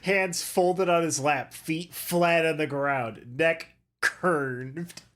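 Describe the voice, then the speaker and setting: A man's voice: a little high, very slow, a bit bright. A man co-hosting a casual chat, chiming in with jokes and laughing along. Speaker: podcast co-host.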